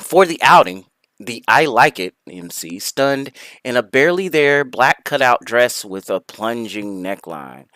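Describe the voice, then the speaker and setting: A man hosting a casual stream, reading celebrity news aloud with crude jokes and loud laughing outbursts. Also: mid-range voice, sing-song, unhurried, no echo. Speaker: streamer host.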